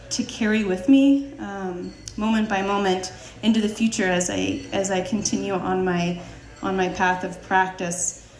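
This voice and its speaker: A woman's voice: medium pitch, echoey room. A woman telling a personal story live on stage, laughing often, with many fillers and restarts.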